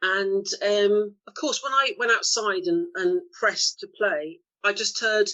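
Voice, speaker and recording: A middle-aged woman telling stories as an interview guest, acting out the quotes with lively shifts of voice and frequent laughs. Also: medium pitch, measured pace, lo-fi sound. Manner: lively storyteller, acts out quotes, laughs often. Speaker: actor being interviewed. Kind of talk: anecdotal interview chat.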